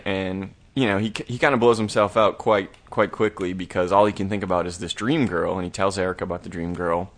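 A man with a low-sitting, steady, fairly bright voice talks fast with few pauses. Co-hosting a horror review podcast, he recaps an episode in a rambling, laid-back style, cursing now and then.

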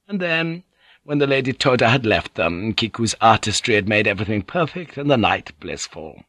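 A man reading a historical novel aloud as an audiobook narrator, in a measured, wry manner. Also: fairly low pitch, very animated, fairly bright tone, no room sound. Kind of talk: scripted narration.

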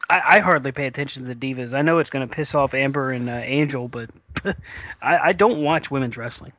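A man's voice: mid-range voice, fairly quick, pushed and bright, no room sound. A man hosting a wrestling podcast in casual chat, rambling with many fillers and restarts, and he has the hiccups.

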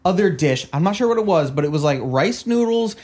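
A man's voice: sits high, expressive, fairly quick, darkish tone. A man chatting casually with friends, swearing often and laughing as he tells a story. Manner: profane, laughing, mimics voices. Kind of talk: casual chat.

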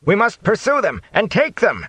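A man reading an audiobook, voicing a hot-headed soldier who shouts in a high, strained voice. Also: wildly swooping pitch, moderate pace, slightly rough, dry recording, exaggerated voice. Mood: shouting. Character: hot-headed young male soldier, rash and loud.

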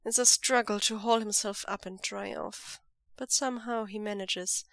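A woman narrates fiction in a steady, measured voice at a middle pitch. The recording is close and dry, with no room echo around her. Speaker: podfic reader. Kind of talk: scripted narration of fan fiction.

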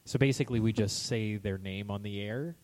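Young dude hosting a podcast, rambly, keeps restarting, laughs a lot. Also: male voice, lowish voice, brisk, a little mellow, a little hiss or hum. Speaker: podcast co-host. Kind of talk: casual chat.

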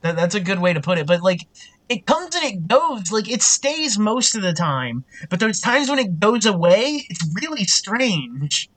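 Man, somewhat high voice, rambling, lots of "like", swearing, casual podcast chat. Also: sing-song, moderate pace, a bit bright. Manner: rambling, full of "like", swears freely. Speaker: podcast co-host.

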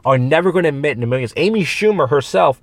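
Fast-talking rambling man, dry studio mic. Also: on the high side, expressive, no echo. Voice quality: rambling storyteller with many restarts and quoted voices. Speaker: podcast host, open mic comedian. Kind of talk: casual chat. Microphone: studio microphone.

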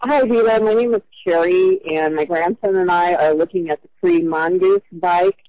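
A woman's voice: lowish voice, normal speed, mellow, no room sound, highs cut off. An older woman calling about an ad, leaving a hesitant, patient voicemail and repeating herself. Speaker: caller answering an ad.

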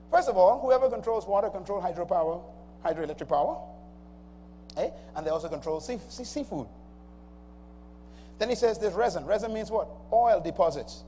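A man's voice: high-pitched, dark tone. A man preaching a sermon, emphatic and calling out to the congregation. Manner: emphatic call-and-response preaching. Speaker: pastor. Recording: long hall reverb, faint noise.

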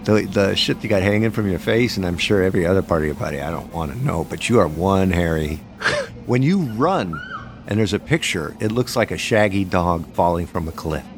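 A man's voice: low voice, expressive, a little fast, noisy background. A man hosting a podcast, chatting casually and teasing his co-hosts with jokes. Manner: teasing, joking banter. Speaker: podcast host. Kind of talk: casual chat.

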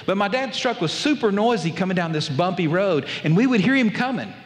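A man's voice: sits high, fairly quick. Storytelling man preaching in a reverberant hall. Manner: storytelling, animated, acts out family voices. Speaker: pastor. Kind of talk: sermon with personal story. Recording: long reverb of a large hall.

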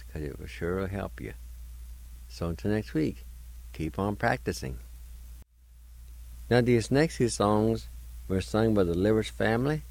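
A male radio host giving a slow, deliberate vocabulary lesson, spelling each word letter by letter and repeating it several times. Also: on the low side, darkish tone, rough recording.

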